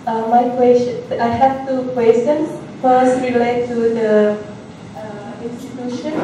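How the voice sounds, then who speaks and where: A woman's voice: fairly high pitch, background noise. A woman asks questions at a seminar in a polite, hesitant way with many fillers. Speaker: audience questioner from a research institute. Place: seminar room. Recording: echoey seminar room from far off.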